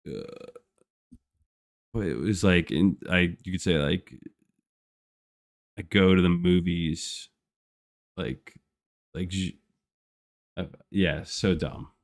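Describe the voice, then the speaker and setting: Speaking low and slowly with long pauses, this young man chats on his live gameplay stream. He's a laid-back, rambling streamer who leans heavily on "like" and other fillers and laughs often.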